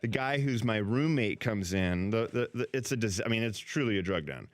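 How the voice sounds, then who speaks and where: A former hockey goalie turned actor, a man telling animated, rambling stories as a guest on a talk show, often restarting his sentences. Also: fairly low pitch, moderate pace, dry recording. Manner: lively, rambling, acts out quotes with restarts.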